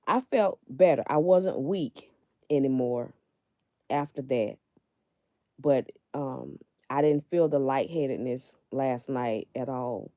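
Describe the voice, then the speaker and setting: Brief: middle-aged woman, low mellow voice, candid live-stream host talking straight to viewers from bed, dry close sound. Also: takes it slowly, dry recording. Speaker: livestream host. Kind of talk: casual live-stream chat. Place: in bed at home.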